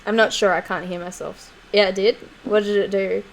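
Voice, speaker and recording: A woman's voice: medium pitch, level tone, moderate pace, a little hiss or hum. A woman streamer chatting casually over gameplay, laughing often and swearing freely, on a home desk microphone.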